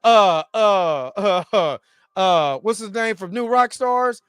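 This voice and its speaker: A man's voice: high voice, lively intonation, takes it slowly, fairly bright tone, smooth, dry recording, clean studio sound, faint music behind. A man hosting a casual TV episode review, rambling loosely and acting out the characters' lines with bursts of laughter. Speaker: TV review host. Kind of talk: casual video review with reenacted quotes.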